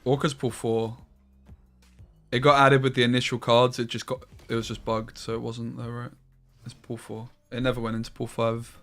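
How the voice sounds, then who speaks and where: A man giving casual gameplay commentary on a stream, swearing freely and quick to get frustrated. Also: mid-range voice, little pitch movement, fairly bright tone, faint music behind.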